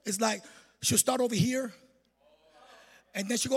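A middle-aged male pastor preaching a lively sermon with sing-song emphasis and jokes, in a church hall. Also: very high voice, moderate pace, breathy edge.

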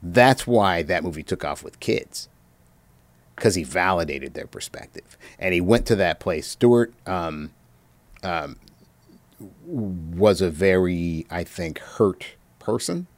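A man telling stories as an interview guest, reflective and halting, with many pauses and fillers. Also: deep voice, expressive, no echo. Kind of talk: reminiscing anecdotes.

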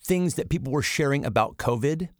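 A man's voice: medium pitch, animated, brisk, dry recording, clean studio sound. A man co-hosting a casual podcast chat, acting out quotes in playful mock voices. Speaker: podcast co-host.

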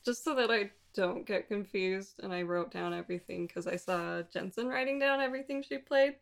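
A woman's voice: medium pitch, brisk, vocal fry. A woman in a casual podcast chat, ranking games and giggling at her own jokes. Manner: giggly, self-deprecating. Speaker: podcast co-host.

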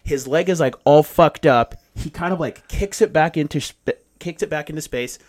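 A man's voice: a little high, moderate pace. A man casually telling a long story, swearing freely and acting out what people said. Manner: profane, animated storytelling with acted-out quotes. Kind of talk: casual chat.

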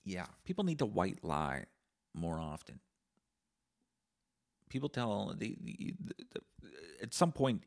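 A man's voice: fairly low pitch, big pitch swings, a little slow, vocal fry. A man hosting a casual solo podcast, talking in a profane, sarcastic, rambling way. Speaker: podcast host.

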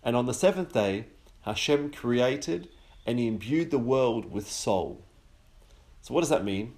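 A man hosting a podcast, giving a relaxed religious teaching that slows down on key words and builds through long lists. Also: mid-range voice. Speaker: podcast host teaching on the Sabbath.

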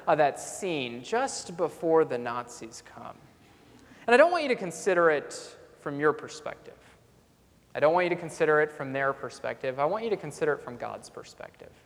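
A man's voice: fairly high pitch, big pitch swings, moderate pace. A man preaching a sermon as a pastor, telling a story earnestly and coming back to a repeated refrain. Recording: long reverb in a large hall.

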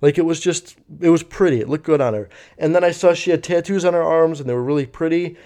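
A man's voice: fairly high pitch, fast, dark tone. A young man telling a story casually, rambling and swearing with lots of fillers. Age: young adult. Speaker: vlogger.

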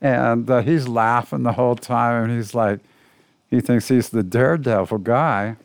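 A man with a smooth, resonant voice, recorded close and dry with no room sound. He tells a story in a loose, rambling way and fills his pauses with "uh.". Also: mid-range voice, fairly even intonation, dry recording. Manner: rambling with many fillers. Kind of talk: casual storytelling chat.

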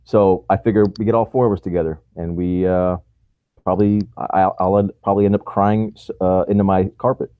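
A man's voice: deep voice, level tone, fairly quick, clear, resonant tone, no room sound, narrow, tinny audio. A man co-hosting a podcast in casual chat, talking with opinion and laughing often. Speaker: podcast co-host.

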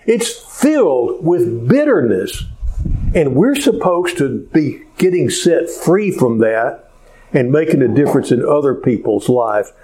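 A pastor preaching a sermon, telling a story in an animated way with frequent hesitations. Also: male voice, mid-range voice, unhurried, low-quality recording.

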